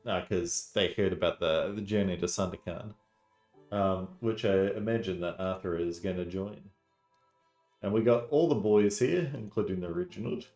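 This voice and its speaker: A man streaming a mystery game, reading the text aloud with relaxed asides. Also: deep voice, moderate pace, echoey room, faint music behind. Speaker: gaming streamer.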